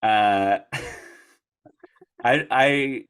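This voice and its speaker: A man's voice: mid-range voice, drawn-out words, fairly bright tone, smooth. A man answering audience questions at a conference in a rambling, casual way, laughing often and restarting his sentences. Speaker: conference speaker.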